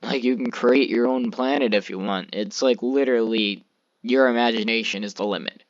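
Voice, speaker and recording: A man's voice: mid-range voice, normal speed, no room sound, lo-fi sound. A man giving casual gameplay commentary, rambling with lots of fillers and mild cursing into a desk microphone. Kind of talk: casual let's-play commentary.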